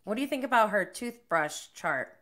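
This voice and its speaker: Bright-voiced woman hosting a chat. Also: medium pitch, animated, moderate pace. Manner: brief eager interjections. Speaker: podcast host. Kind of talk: casual chat.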